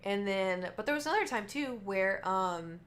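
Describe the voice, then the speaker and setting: A woman's voice: medium pitch, expressive, normal speed, a bit bright. A young woman streamer rambling through work stories in a chatty way, full of "like" and restarts. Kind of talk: casual storytelling.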